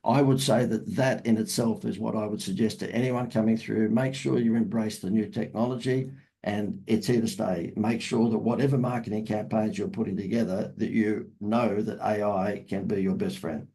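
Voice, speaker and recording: A man's voice: on the low side, fairly even intonation, moderate pace, dark tone, rough recording. A man, a marketing expert talking as an interview guest in a salesy, emphatic way that repeats phrases. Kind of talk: casual interview talk.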